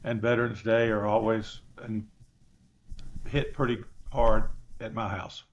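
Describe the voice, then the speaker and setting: A man's voice: lowish voice, little pitch movement, unhurried. Southern coach guy, folksy drawl, laughs at himself, kinda dull lo-fi sound. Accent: Southern American. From Southern United States. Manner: folksy and self-deprecating. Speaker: football coach, guest. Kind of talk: casual podcast chat.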